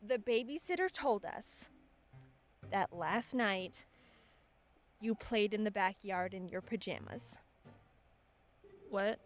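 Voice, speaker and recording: A young adult woman narrating childhood stories in a scripted comedy style, with wry, deadpan asides. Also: medium pitch, slow, long pauses, soft background music. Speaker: animator telling childhood stories.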